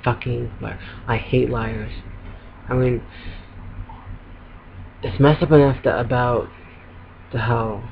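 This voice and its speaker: A man's voice: medium pitch, fairly even intonation, slow pace, creaky, long pauses, a little hiss or hum. A man venting casually to camera from home, rambling with lots of ums and little laughs. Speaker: vlogger. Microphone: laptop webcam. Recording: dull lo-fi webcam audio.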